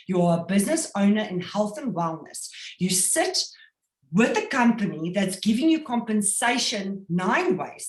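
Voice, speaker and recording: A South African woman training on an online business call, upbeat and lively as she acts out little everyday scenes. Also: mid-range voice, reverberant. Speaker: network marketing trainer.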